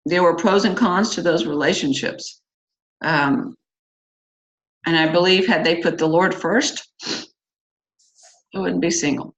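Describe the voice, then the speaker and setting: A woman's voice: lowish voice, fairly even intonation, measured pace, long pauses. A middle-aged woman hosting a church singles class, talking casually and candidly with many fillers and asides. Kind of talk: casual talk to a church group. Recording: slightly dull lo-fi recording.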